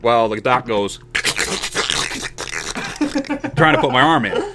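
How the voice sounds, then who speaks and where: A man's voice: medium pitch, a little fast, very noisy. A man in his forties hosting a podcast and telling a long personal story casually, acting out the voices of the people in it. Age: 40s. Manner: animated storyteller who acts out quoted voices. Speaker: show host.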